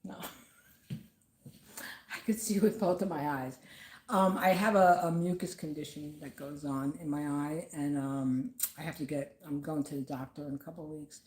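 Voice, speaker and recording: A woman vlogging from home, talking casually and haltingly about grief with many fillers. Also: sits low, steady tone, darkish tone, reverberant.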